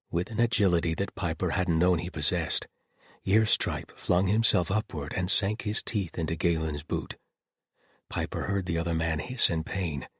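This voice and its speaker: Deep, husky male audiobook narrator. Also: a bit bright, no room sound, clean studio sound.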